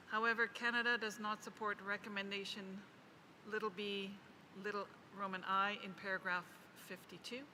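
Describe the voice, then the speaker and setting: A woman delivering a formal, measured statement as a national delegate at a committee meeting, reading proposed text slowly. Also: medium pitch, bright, forceful tone, a little hiss or hum, rough recording. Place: large conference hall.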